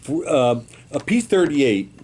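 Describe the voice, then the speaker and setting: A man's voice: mid-range voice, sing-song, takes it slowly, darkish tone, breathy edge. A man interviewing a veteran in a casual way and sharing his own service memories.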